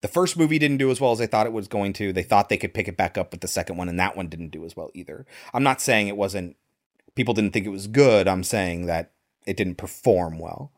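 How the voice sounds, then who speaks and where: A man's voice: lowish voice, animated, brisk. An American man in casual conversation reviewing a movie, explaining at length and swearing now and then. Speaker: movie podcast co-host. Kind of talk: casual film review chat.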